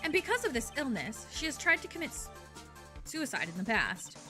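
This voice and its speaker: A woman voicing a cool, formal young male prosecutor in a game, speaking in a measured, lecturing and cutting way. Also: high voice, very animated, bright, forceful tone, soft background music, heavily acted. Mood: grave. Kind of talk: fan voice-over of a game's dialogue.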